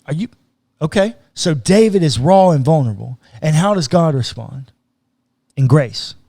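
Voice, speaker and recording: A pastor talks through a psalm in a relaxed podcast chat, his voice sitting a little high for a man. He is earnest but casual and slips into everyday speech. The sound is close and dry, with no room around it. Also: moderate pace, vocal fry, no room sound. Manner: casual and earnest, slips into acted quotes of God. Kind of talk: podcast conversation, teaching on scripture.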